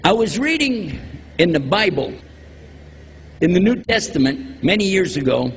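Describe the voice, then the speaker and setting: Man, preacher, jokey, quizzes audience, slow delivery, long hall reverb. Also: sits high, very animated. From Texas. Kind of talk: religious lecture to a live audience. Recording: long hall reverb, faint background noise.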